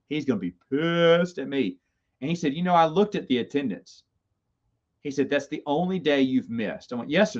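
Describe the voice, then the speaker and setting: A middle-aged man casually telling stories about his college days, rambling and self-amused, with stammered restarts. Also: mid-range voice. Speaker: host. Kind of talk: casual storytelling. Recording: slightly dull lo-fi sound.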